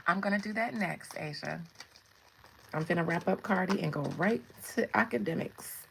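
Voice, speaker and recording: A woman's voice: on the low side, normal speed, vocal fry, slight background noise, rough recording. A woman hosting a casual tarot livestream, chatting with viewers and laughing often. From United States. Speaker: tarot reader and livestream host.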